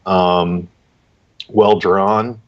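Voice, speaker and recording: A man's voice: low voice, little pitch movement, extremely slow, highs cut off. A man as a guest judge giving casual art critiques on a live stream, piling on emphatic praise with repeated "really, really.".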